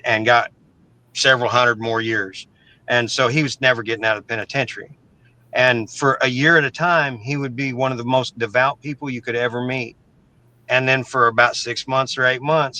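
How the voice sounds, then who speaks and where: A man's voice: mid-range voice, sharp tone, rough recording. A middle-aged man from Oklahoma, a guest telling a story in a casual, blunt, profane way, often stumbling and repeating words. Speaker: interview guest.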